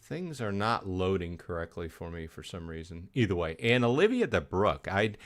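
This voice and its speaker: A man with a somewhat low voice hosts a casual gaming live stream. He rambles through chat and matches, filling pauses with ums and uhs and restarting his sentences. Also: sing-song. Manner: rambling, many fillers and restarts.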